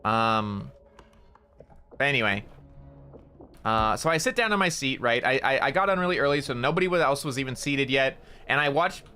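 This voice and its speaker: A man with a bright, forceful voice chatting casually as he streams a game. He rambles through an anecdote, stammers and repeats words, and drops swear words without a second thought. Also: medium pitch, expressive, moderate pace, pauses often, faint music behind. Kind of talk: casual storytelling while gaming.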